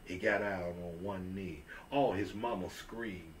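A man's voice: low-pitched, measured pace, distant mic, slight background noise. A man telling a Christian story in a folksy, repetitive way, lifting his voice when he quotes people. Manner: folksy, repeats himself, raises his voice when quoting characters.

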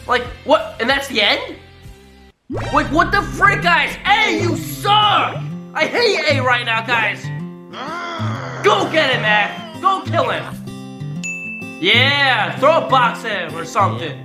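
A young man hosting a reaction video, excitable and exclaiming often, constantly addressing his viewers. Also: very high voice, slow pace, long pauses. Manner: excitable, exclaims often, keeps saying "guys". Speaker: reaction channel host. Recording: background music under voice.

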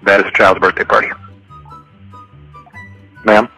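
A man playing a male emergency dispatcher in a comedy sketch, calm and matter-of-fact. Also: on the low side, measured pace, creaky, slightly rough, faint music behind, exaggerated voice.

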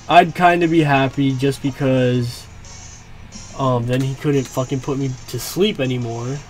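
A man's voice: mid-range voice, fairly even intonation, slow. A young man giving live, reactive commentary on his own gameplay, swearing and groaning at setbacks. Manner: reactive, swearing, frustrated outbursts. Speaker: gaming YouTuber. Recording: faint game music behind.

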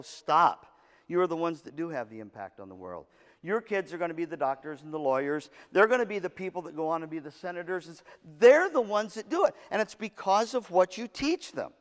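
Brief: male motivational speaker, storytelling, acts out dialogue, fairly high voice, reverberant hall. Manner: animated storyteller, acts out quotes, jokes with audience. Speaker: keynote speaker at music educators' session.

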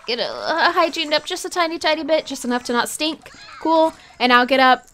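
A woman's voice: on the high side, a bit bright, slight background noise. Giggly woman narrating her gameplay. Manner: chatty, giggly, self-mocking. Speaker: gaming video host. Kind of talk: casual let's-play commentary.

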